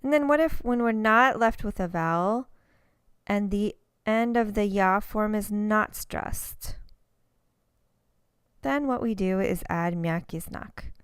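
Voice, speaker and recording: A woman teaching a recorded language lesson, explaining step by step and saying example words slowly and carefully. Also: mid-range voice, smooth, no room sound.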